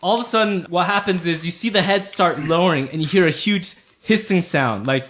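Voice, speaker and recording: A man's voice: high voice, brisk, a bit bright, slight background noise. A man running a tabletop game as game master, narrating in a casual, loose way with fillers.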